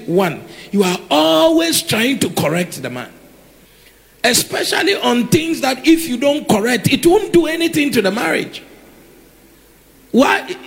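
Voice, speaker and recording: Calling out to his congregation, a preacher delivers a lively sermon and repeats words for emphasis. His voice is extremely high-pitched and creaky.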